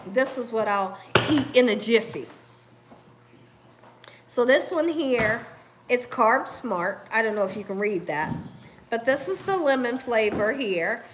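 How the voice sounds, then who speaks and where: High, lively-voiced woman hosting a cooking live. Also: a little slow, long pauses, slight background noise. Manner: chatty, laughing, talks straight to viewers as "y'all". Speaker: cooking channel host reading viewer comments. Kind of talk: casual live-stream chat.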